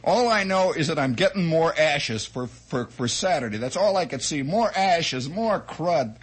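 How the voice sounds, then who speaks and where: A man telling a comic childhood story as a monologue, animated and chatty, with asides and mouth sound effects. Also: fairly high pitch, measured pace, husky. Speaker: radio storyteller.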